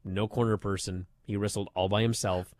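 A man co-hosting a wrestling podcast, talking in casual chat and getting worked up into loud disbelief. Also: fairly low pitch, normal speed, dry recording. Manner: animated, rising to loud disbelief. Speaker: wrestling show co-host.

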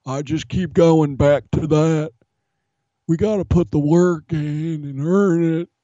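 A man's voice: a little high, fairly even intonation, slow, mellow, dry recording, pitched above the performer's own voice. A man doing an impression of an intense middle-aged football coach, droning on earnestly. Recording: dull, dry studio sound.

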